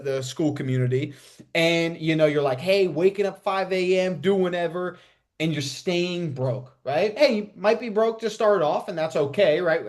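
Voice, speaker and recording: A young man coaching live on a video call, energetic and talking motivationally, checking in with "right?" and "okay?" all the time. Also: fairly high pitch. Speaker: coach hosting a live online session.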